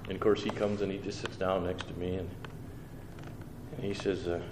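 In a low, flat voice at a moderate pace, this man, a preacher, recounts his own testimony with earnest, down-home phrasing, voicing both his thoughts and his replies. Faint background noise can be heard in the roomy recording.

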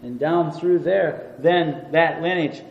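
A man's voice: fairly high pitch, slow pace, gravelly, muffled recording. A middle-aged male pastor preaching a sermon. He reads scripture aloud in old-fashioned wording and stresses points with emphatic repetition. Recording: echoey church hall with faint ambience.

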